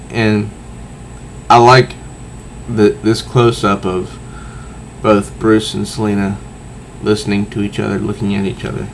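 A man reviewing a comic book, walking through the panels in a methodical, unhurried way. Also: on the low side, flat delivery, a little hiss or hum, poor audio. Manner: unhurried, methodical, pauses between phrases. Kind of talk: slow, deliberate comic review, reading panels aloud.

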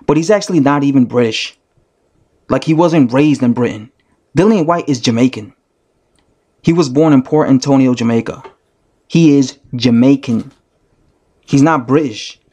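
A man rants on camera, speaking directly to his viewers. He keeps circling back to the same argument with an insistent, repetitive push. His voice sits at an ordinary male pitch. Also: normal speed, long pauses, darkish tone. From United States. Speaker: vlogger. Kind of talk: ranting commentary vlog.

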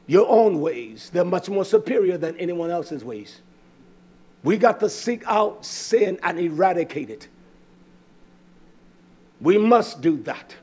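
Fiery preacher guy, high husky voice, scolds then drops real quiet. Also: expressive, slow, pauses often. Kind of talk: sermon.

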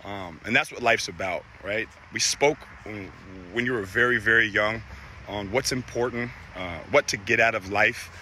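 A man in his thirties, a father giving a heartfelt recorded message, halting and emotional, with many fillers and restarts. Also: lowish voice, bright, forceful tone, a little hiss or hum.

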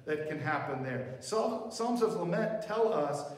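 A man with a high voice preaches slowly and unhurriedly, talking with his listeners through questions. He is heard from some distance in a large, echoing church sanctuary with long reverb. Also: lively intonation. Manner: conversational preaching with rhetorical questions. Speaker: pastor. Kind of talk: sermon. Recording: roomy hall reverb, mic at a distance.

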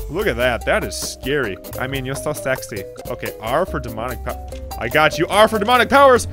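A young adult host giving let's play commentary, excitable and quick to burst into shrieks and laughter. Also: medium pitch. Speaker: gaming video host. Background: game music.

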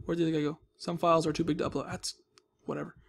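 A man with a slightly high voice talks in a flat, rapid-fire way over faint music and background noise. He hosts casual Minecraft let's-play commentary for a gaming video, playful and jokey, cooing baby-talk at the villagers and tossing in jokey asides.

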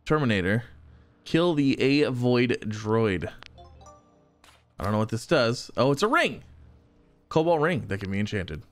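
A young man giving excitable let's-play commentary, chuckling and talking to the enemies he fights. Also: medium pitch, fairly quick, faint music behind. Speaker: gaming YouTuber.

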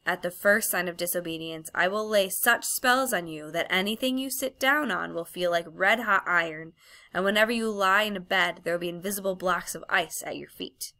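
A haughty witch queen who gives orders with cold scorn, voiced by a woman reading an audiobook. The voice sits low and gravelly, with a bright edge to it. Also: moderate pace. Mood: commanding. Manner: commanding, contemptuous.

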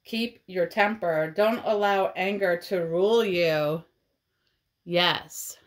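A woman giving a tarot card reading to her viewers, speaking in a slow, soothing, encouraging way. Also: lowish voice. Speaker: tarot reader.

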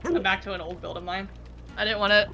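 A woman's voice: medium pitch, steady tone, fast talker, sharp tone. A woman streamer chatting casually from her home gaming room, rambling and poking fun at herself. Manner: rambling, self-deprecating.

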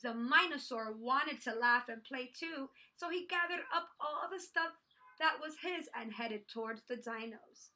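A woman preschool teacher reading a picture book aloud to children, expressive and sing-song. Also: sits high, unhurried.

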